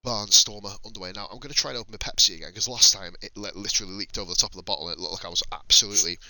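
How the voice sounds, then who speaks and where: A man's voice: fairly low pitch, very fast, gravelly, bright, forceful tone, dry recording, low-quality recording. A man in his thirties from North England with a Northern English accent, commentating a sim race on a live stream in a casual, chatty way, swearing and laughing often. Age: 30s.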